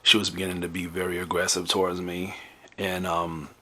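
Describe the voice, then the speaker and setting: A man's voice: deep voice, little pitch movement, a little fast, bright, forceful tone. A man hosting a podcast, telling a personal story in a rambling, conversational way full of restarts. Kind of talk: casual storytelling monologue.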